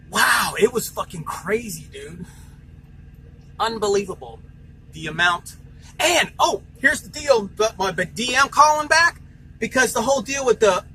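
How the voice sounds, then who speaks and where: A man's voice: sits high, pushed and bright, slight background noise, poor audio. A man working as a truck driver, venting angrily in a vlog, swearing and retelling heated phone calls.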